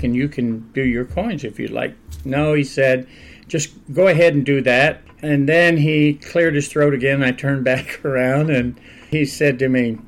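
An older man, a pastor, telling stories in a relaxed, conversational interview and laughing often along the way. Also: mid-range voice. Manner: animated anecdotal storyteller, laughs often.

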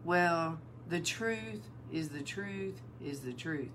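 A woman preaching at an unhurried pace, telling her story with animation and acting out each exchange. She sounds emotional and close to tears as she teaches, and a faint hiss sits under her voice. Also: lowish voice. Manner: animated storytelling, acts out dialogue. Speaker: prophetic minister. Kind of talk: sermon-style testimony and teaching.

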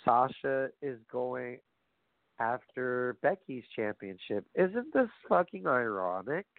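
A man ranting casually about wrestling, profane and animated, addressing his audience directly. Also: medium pitch, takes it slowly, no echo. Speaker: wrestling commentary host. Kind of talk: casual opinionated wrestling talk. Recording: phone-like lo-fi audio, dry.

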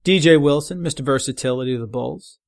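A man hosting a solo sports podcast, running through picks with quick, opinionated verdicts and joking asides. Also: medium pitch, creaky. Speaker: podcast host.

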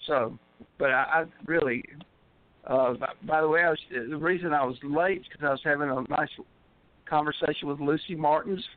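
Male caller, poet, rambling and upbeat, slightly high voice, phone line. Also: normal speed. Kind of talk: casual chat.

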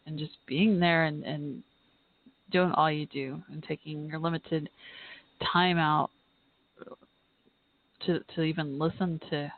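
A woman hosting a live podcast, talking in an earnest, heartfelt, halting way and reading aloud. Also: low-pitched, dry recording. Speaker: podcast host. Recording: tinny phone-line audio, dry.

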